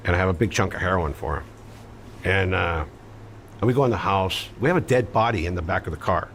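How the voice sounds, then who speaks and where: Deep-voiced man telling a blunt story. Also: a little fast, a bit bright, a little hiss or hum. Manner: blunt, matter-of-fact and profane, with frequent fillers. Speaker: interview guest recounting his past. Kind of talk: conversational storytelling.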